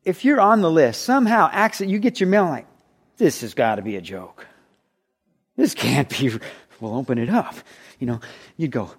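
A man preaching a sermon with a slightly higher-pitched voice. He talks in an animated way and acts out the voices he quotes. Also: normal speed, pauses often, breathy edge. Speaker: pastor.

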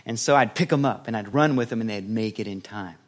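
A middle-aged man preaching a sermon as pastor, lively and playful, acting out little scenes as he teaches. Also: fairly low pitch, fast talker.

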